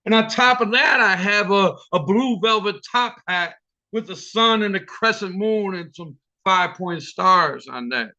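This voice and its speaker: Male open mic storyteller, profane and vivid, bright voice, lo-fi call audio. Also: sits high, unhurried.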